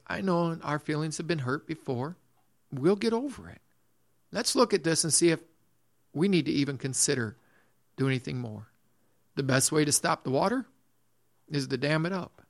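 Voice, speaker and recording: A man's voice: on the high side, expressive, normal speed, long pauses. A man preaching a sermon in earnest, repeating his phrases, restarting sentences and reading scripture aloud. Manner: reads scripture in old-fashioned phrasing. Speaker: pastor.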